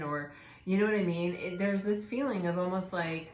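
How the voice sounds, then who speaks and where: Lower-voiced woman reading tarot. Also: fairly even intonation, normal speed, roomy sound, slight background noise. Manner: rambling, gentle, many fillers and restarts. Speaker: tarot reader. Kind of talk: casual spoken tarot reading.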